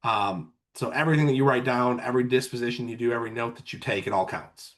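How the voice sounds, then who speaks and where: A man's voice: mid-range voice, fast. A man who manages insurance agents, chatting casually on a podcast and telling sales stories, often acting out what clients said. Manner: storytelling, acts out clients' lines.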